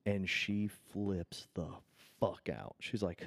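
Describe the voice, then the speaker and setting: A lively podcast co-host from Indiana whose voice sits on the lower side for a man. He tells stories with plenty of swearing and acts out each person he quotes. The sound is dry and close. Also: measured pace, few pauses, no echo. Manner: animated storyteller, swears freely, acts out quotes. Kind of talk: casual chat, storytelling.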